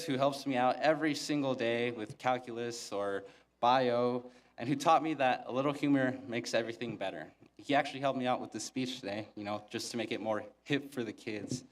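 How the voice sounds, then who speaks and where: A young man gives a graduation speech from a podium mic in a flat, monotone voice. His humor is dry and self-mocking, and his voice sits at a middle pitch. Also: slight background noise. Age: young adult. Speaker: valedictorian giving a graduation speech. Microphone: podium microphone.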